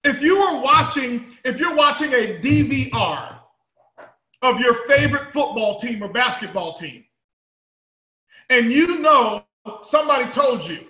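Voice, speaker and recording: A man with a very high, bright voice delivers an emphatic motivational talk to a live audience. He hammers home his points through repetition and breaks into shouts now and then. The sound is roomy, with a clear echo around him. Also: lively intonation, a little slow. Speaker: company founder speaking to his team.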